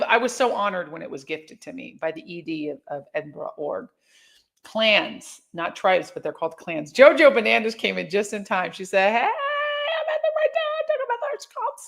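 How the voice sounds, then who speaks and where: A woman hosting a casual livestream, answering viewer comments as they arrive. She talks in a chatty, animated way, often stopping to restart a phrase, and her voice sits a little low. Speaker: livestream host.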